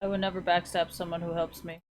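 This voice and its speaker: A woman's voice: on the low side, little pitch movement, fast talker, slight background noise. A woman streamer chatting casually with her viewers while playing a video game, teasing, laughing and swearing bluntly.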